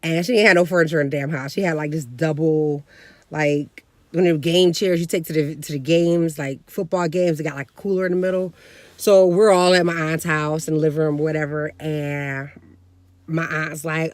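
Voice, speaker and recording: A woman in her thirties telling a family story in a casual, slangy vlog, animated and laughing along. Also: sits low, moderate pace, dry recording. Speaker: vlogger.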